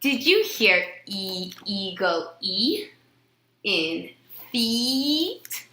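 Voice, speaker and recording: A woman's voice: medium pitch, very animated, drawn-out words, pushed and bright, reverberant. A woman teaching a phonics lesson to young children, stretching out words and sounds and answering her own questions in a sing-song way.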